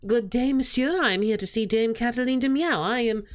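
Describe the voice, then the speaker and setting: A woman voicing a proper, deadpan male falcon lawyer in a visual novel read-aloud. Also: a little high, fairly quick, over music, lightly acted. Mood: dry.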